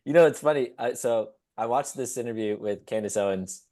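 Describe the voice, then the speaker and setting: A man co-hosting a podcast, telling stories casually, laughing often and acting out quotes. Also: a little fast. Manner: animated storyteller, acts out quotes in high squeaky voices, laughs often. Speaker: podcast co-host.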